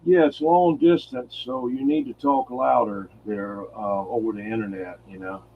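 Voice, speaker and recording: A man's voice: on the low side, fairly even intonation, moderate pace. A man chatting on CB radio with plenty of radio jargon, heard through a tinny transmission with faint static. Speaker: CB radio operator. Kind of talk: casual on-air radio chat.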